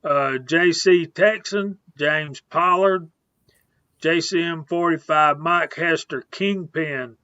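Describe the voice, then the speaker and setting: A man's voice: fairly high pitch, slow pace, bright, forceful tone, clean tone, dry recording, dull audio. A man hosting a casual live stream, laid-back, reading out viewers' names one after another.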